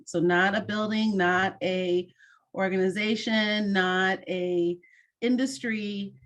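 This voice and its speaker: A woman with a medium-pitched voice hosts an online mentoring session over video call, giving instructions that are clear and encouraging.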